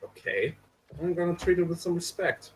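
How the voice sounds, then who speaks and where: A man's voice: a little high, lively intonation, normal speed, a crowd in the background, rough recording. A man playing in a tabletop role-playing game, chatting playfully with in-character asides. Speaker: player. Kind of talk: casual tabletop game chat.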